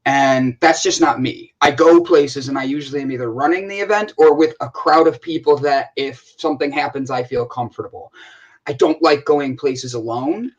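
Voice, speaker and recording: A man with an American accent co-hosting a casual chat, telling stories in an animated way with many restarts. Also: mid-range voice, moderate pace, lo-fi sound. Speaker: co-host.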